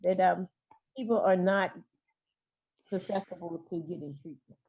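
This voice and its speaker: A woman therapist speaking as a guest in an interview, talking with frequent fillers, pauses and restarts. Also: lowish voice, breathy edge, lo-fi sound. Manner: hesitant, many fillers and restarts. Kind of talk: interview talk.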